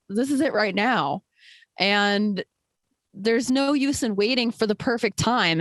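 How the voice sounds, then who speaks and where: A woman's voice: medium pitch, no room sound. A woman guest, a trail ultrarunner, talking candidly and emphatically in a casual interview, with many fillers.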